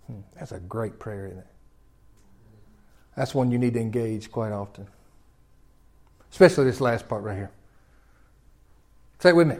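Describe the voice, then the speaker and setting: A man preaching a sermon in a folksy way, swinging from loud emphatic peaks down to quiet low lines. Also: expressive, moderate pace, long pauses. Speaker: pastor.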